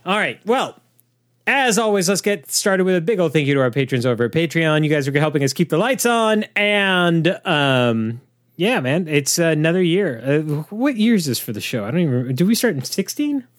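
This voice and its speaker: A man's voice: fairly high pitch, sing-song, brisk. A man hosting a podcast, chatting casually with a co-host and cracking playful jokes. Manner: jokey, playful banter. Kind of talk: casual chat.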